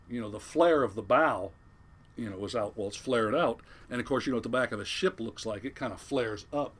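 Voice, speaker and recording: Older retired fisherman, guest storyteller, lively yarn-spinner who acts out voices, even-pitched man's voice. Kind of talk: casual storytelling.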